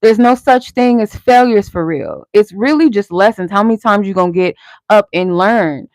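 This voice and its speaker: A woman's voice: medium pitch, normal speed, a little mellow, no room sound. A woman hosting a live tarot stream, giving casual spiritual guidance in a candid, encouraging way with some swearing. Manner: candid, conversational, salted with swearing; encouraging, motivational.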